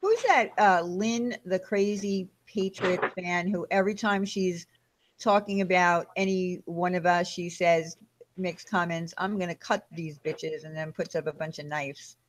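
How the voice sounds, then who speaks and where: A woman's voice: on the low side, measured pace, slight background noise. A woman hosting a casual live-stream chat, explaining herself in a rambling way with fillers.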